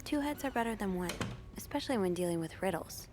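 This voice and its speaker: An actress voicing a friendly, encouraging young woman in a narrative video game, speaking softly. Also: medium pitch, lively intonation, fast talker, lightly acted. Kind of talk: game voice acting.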